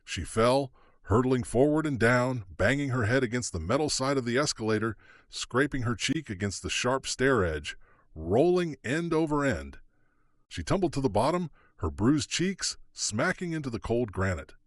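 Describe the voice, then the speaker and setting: A man's voice: mid-range voice, very animated, normal speed, no room sound, clean studio sound. A man narrating an audiobook thriller dramatically, his pacing shifting with the action. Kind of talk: scripted narration.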